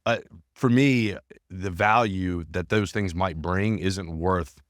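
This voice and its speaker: A man's voice: deep voice, slow pace, dry recording, clean studio sound. A male podcast host, talking earnestly and emphatically in a casual conversation. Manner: earnest and emphatic, repeats phrases.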